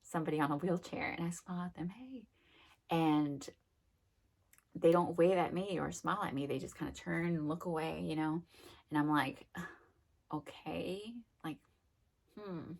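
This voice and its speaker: A woman's voice: sits low, steady tone, fairly quick, vocal fry. A young adult woman giving a casual, rambling self-help talk, full of fillers and acted-out quotes. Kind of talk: casual monologue.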